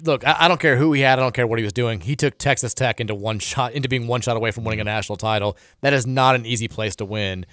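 A man hosting a sports radio show, brisk and blunt, reading listener texts and keeping things moving. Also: medium pitch, a bit bright, dry recording, clean studio sound. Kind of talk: casual sports talk.

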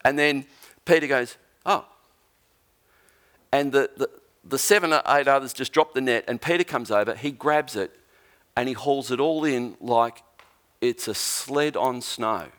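A man's voice: medium pitch, moderate pace. A man preaching a sermon as a pastor, telling a Bible story with humour and acting out the lines of its characters. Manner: animated storyteller, acts out quotes.

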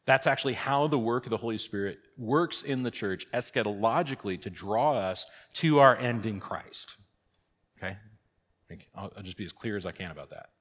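Low-voiced pastor in a reverberant church. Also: male voice, normal speed, fairly bright tone. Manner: conversational, frequent "okay?" and "right?" check-ins. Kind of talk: catechesis teaching. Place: church hall. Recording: long reverb of a large hall.

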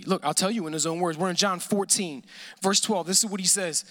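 A pastor delivering a sermon, emphatic and repeating phrases, often dropping to a hushed, intense tone. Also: male voice, sits high, fairly quick.

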